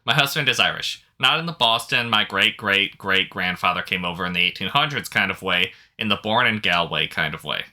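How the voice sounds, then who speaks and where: A podcast co-host reads posts aloud in a casual chat, relaxed and easygoing and chuckling often. His voice is low yet strikingly bright and forceful, and he talks a little fast with hardly any pauses.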